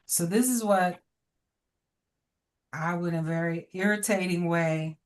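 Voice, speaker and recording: A woman's voice: on the low side, unhurried. A middle-aged woman teaching over a video call, giving direct, encouraging feedback with frequent laughter. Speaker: educator. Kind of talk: online class feedback.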